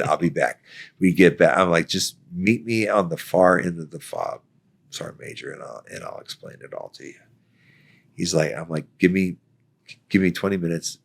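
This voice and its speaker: A deep-voiced man with a gravelly rasp in his low register tells a story. He jumps between himself and the others in it, playing out their dialogue with laughter breaking in. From Florida, United States. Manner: animated storyteller acting out quoted dialogue, laughs often. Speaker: guest, Army veteran. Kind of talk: casual storytelling.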